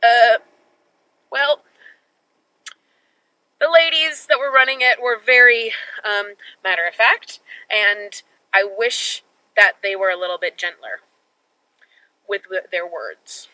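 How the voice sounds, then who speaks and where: A woman's voice: a little high, slow, long pauses, sharp tone, rough recording. A young woman vlogging casually from home and then from a car, rambling and laughing at herself. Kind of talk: casual travel vlog.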